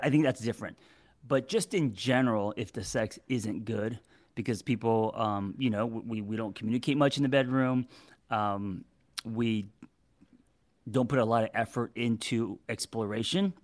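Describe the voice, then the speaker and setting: A man in his forties giving relationship advice in a casual monologue to camera, halting and tripping over his words with many fillers. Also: medium pitch. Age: 40s.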